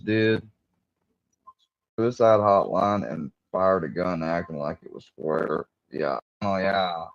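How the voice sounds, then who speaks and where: A man's voice: sits low, slow pace, creaky, no echo. Combative, mocking man on a stream. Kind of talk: heated livestream argument. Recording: dull lo-fi stream audio.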